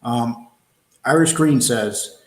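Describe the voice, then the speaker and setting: A man's voice: mid-range voice, slow pace, echoey room, low-quality recording. A man hosting a casual livestream, reading viewer comments aloud and answering in blunt, rambling street talk.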